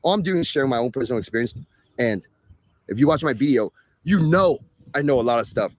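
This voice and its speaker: A man's voice: mid-range voice, expressive, fast. A man hosting a live stream, talking casually to viewers in a sarcastic, exasperated rant. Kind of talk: ranting casual talk to viewers.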